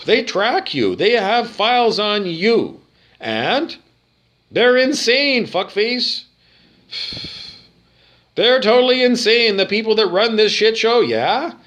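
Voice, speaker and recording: Agitated man ranting with wild pitch swings. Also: very animated, slow, pauses often, fairly bright tone, muffled recording. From Canada. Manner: agitated, repetitive, profane, rhetorical questions. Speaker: video monologue speaker. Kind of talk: ranting monologue to camera.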